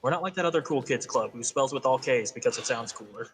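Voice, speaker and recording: A man's voice: medium pitch, slight background noise, low-quality recording. Man trading dry quips. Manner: dry, quick-witted quips. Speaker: streamer's friend. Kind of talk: casual gaming stream chat.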